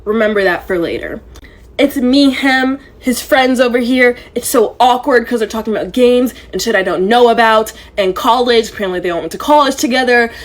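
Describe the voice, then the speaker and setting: A woman telling a story in a vlog, in a dramatic and exasperated way. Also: on the high side.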